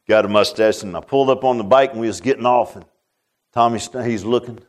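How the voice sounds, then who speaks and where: Older guy preaching, folksy and rambly, keeps saying man, swings loud and soft. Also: medium pitch, fast. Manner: folksy, repetitive, lots of "man" and "I said". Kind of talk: storytelling sermon.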